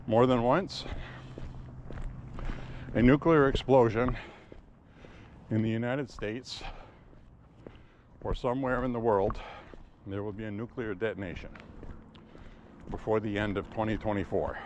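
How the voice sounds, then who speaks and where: A man's voice: lowish voice, steady tone, measured pace, long pauses, darkish tone, dull audio, a little hiss or hum. A man talking in a loose, opinionated ramble while walking outdoors on town streets, recorded on a camera strapped to his chest. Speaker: walking vlogger. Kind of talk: casual walking monologue.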